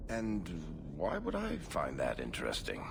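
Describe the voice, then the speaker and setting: Dry, wry dwarf, lowish voice, lively swings in pitch. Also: male voice, unhurried, vocal fry, background noise, full character voice. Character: wry male dwarf storyteller in a fantasy game.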